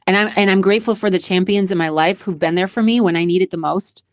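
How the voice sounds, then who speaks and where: A woman's voice: fairly low pitch, fast talker, dry recording, studio quality. A woman from Massachusetts hosting a casual vlog, answering questions in a chatty, emotional way, laughing often and restarting her sentences. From Massachusetts, USA. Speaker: show host and community founder.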